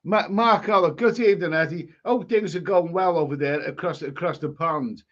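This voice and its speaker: Scouse guy rambling on his live stream, kinda high voice, stammery, dull lo-fi audio. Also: moderate pace, a bit bright. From England. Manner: rambling, chatty, many restarts and stammers. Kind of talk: casual live stream chat reading viewer comments.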